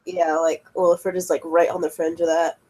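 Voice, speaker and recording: A woman's voice: fairly low pitch, little pitch movement, moderate pace, crowd noise, voice pushed down, lightly acted, poor audio. A woman playing a blunt, foul-mouthed young woman in a casual role-play scene, talking loosely and swearing freely.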